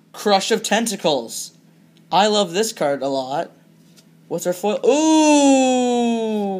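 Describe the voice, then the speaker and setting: Chatty young pack-opening vlogger. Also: mid-range voice. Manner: chatty, reads card names aloud, bursts of excitement. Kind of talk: casual pack-opening commentary.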